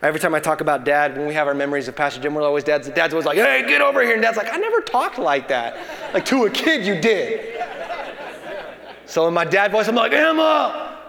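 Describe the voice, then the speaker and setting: A man's voice: on the high side, big pitch swings, fast, crowd noise. A pastor in his thirties preaching a sermon, building to emphatic bursts and telling family stories. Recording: long hall reverb.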